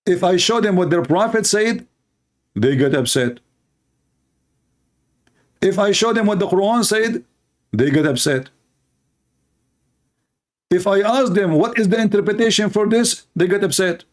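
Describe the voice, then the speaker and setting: A man's voice: sits high, lively intonation, measured pace, long pauses. Sarcastic man. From Middle East. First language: Arabic. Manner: sarcastic, mocking, blunt. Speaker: Christian apologist. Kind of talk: mocking debate commentary.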